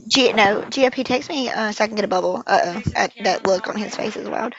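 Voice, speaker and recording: A woman's voice: mid-range voice, brisk, highs cut off, crowd noise. A flustered, distracted woman chatting casually with friends on a livestream.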